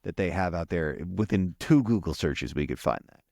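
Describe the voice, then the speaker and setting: A man's voice: low-pitched, lively intonation, normal speed, vocal fry, darkish tone, no room sound. A man co-hosting a casual podcast, recapping a TV episode in a rambling way with many restarts. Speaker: podcast co-host.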